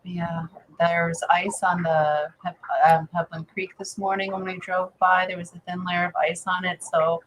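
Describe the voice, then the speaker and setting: A woman from Wisconsin co-hosting a casual fish-keeping livestream, chatty and quick to laugh, reading out viewer names. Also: fairly low pitch, level tone, slight background noise, low-quality recording. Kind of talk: casual chat.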